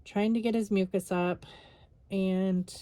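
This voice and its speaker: Slow, tired woman rambling casually. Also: mid-range voice, steady tone, warm tone, dry recording. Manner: rambling, tired, many fillers. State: exhausted. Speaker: scrapbooking vlogger. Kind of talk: casual chat while crafting.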